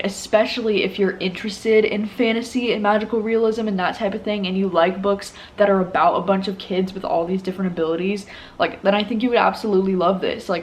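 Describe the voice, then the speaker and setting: A woman's voice: medium pitch, a little hiss or hum, low-quality recording. A woman in her twenties talking casually about books in a vlog, candid and chatty with lots of "like" fillers. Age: 20s. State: tearful. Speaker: book vlogger.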